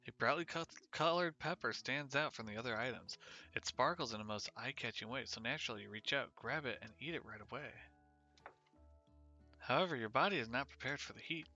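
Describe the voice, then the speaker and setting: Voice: medium pitch, a little fast, bright, forceful tone, lo-fi sound, soft background music. A streamer narrating a dating game aloud on stream, playful and self-mocking. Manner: playful, self-mocking, laughs at own mistakes. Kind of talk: live-streamed game reading.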